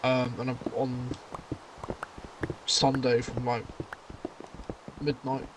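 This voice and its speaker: A man's voice: mid-range voice, completely flat delivery, slow pace, noisy background. A young man, chatting casually with friends and making blunt, sweary quips. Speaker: friend in chat. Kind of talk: casual chat while gaming.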